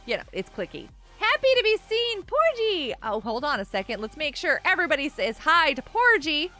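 Woman streamer, very high bright voice, giggly and lively, chatty with viewers, soft music underneath. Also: normal speed. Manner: bubbly, giggly, reads chat aloud. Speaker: live streamer. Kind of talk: casual live-stream chat. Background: faint music.

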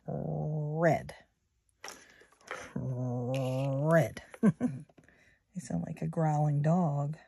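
Her voice sits low as this woman in her sixties, a savings vlogger, chats gently and unhurriedly to her "guys" while doing savings challenges at home. A phone or camera close by on a table records her, with a little hiss or hum.

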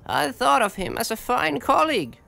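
A lively, gravelly wizard mentor. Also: female voice, sits high, normal speed, heavily acted. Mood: musing. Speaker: mentor character in a game. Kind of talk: game dialogue.

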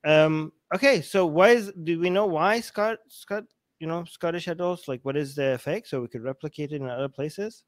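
A man hosting a casual talk show, excitable and teasing, working out numbers aloud with many restarts. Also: a little high, moderate pace, no room sound. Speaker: host. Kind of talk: casual chat.

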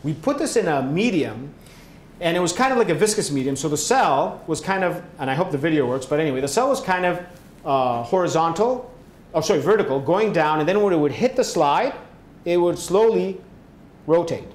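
A man's voice: expressive, brisk. Lecturing man, echoey hall. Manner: explanatory, frequent "right?" and "okay?" check-ins. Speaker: science lecturer. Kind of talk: public science lecture. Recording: echoey hall, faint rumble.

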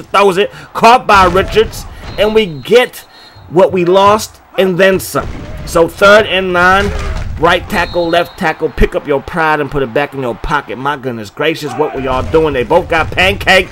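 A man calling his own football video game like a sportscaster, with play-by-play that jumps into loud, excited bursts on big plays. His voice sits a touch above the usual male range. Faint background noise runs under it. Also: a little high.

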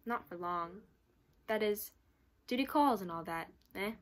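A woman's voice: medium pitch, animated, a little slow, close to an everyday voice. A woman reading aloud, voicing a chatty, resigned male army orderly in clipped phrases. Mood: weary cheer.

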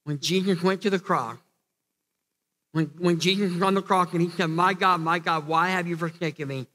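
A male pastor delivers a sermon in an earnest, insistent way, restarting phrases and climbing to emphatic peaks. His voice sits high and sounds bright and forceful. A long reverb from the church hall trails after each line. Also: fairly even intonation, moderate pace.

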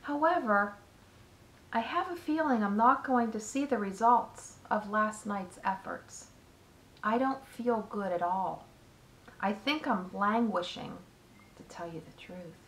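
Lady reading as a calm old spider, slow and soft, roomy echo. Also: on the high side. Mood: sad. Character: wise gentle female spider, calm and tired. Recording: echoey room.

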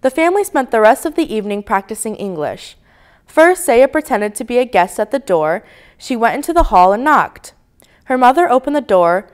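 Woman, children's book read-aloud, expressive sing-song, clear smooth voice. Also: on the high side, moderate pace. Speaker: storybook reader.

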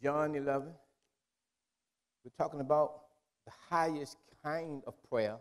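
A man preaching a sermon as pastor, in emphatic call-and-response style that builds to loud, drawn-out declarations. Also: fairly high pitch, smooth. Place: church sanctuary. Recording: long reverb of a church hall.

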